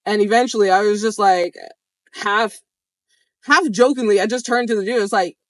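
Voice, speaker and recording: A young adult vlogger telling a story straight to camera, animated and expressive, swearing often. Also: mid-range voice, normal speed, dry recording. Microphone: camera framed close to the speaker.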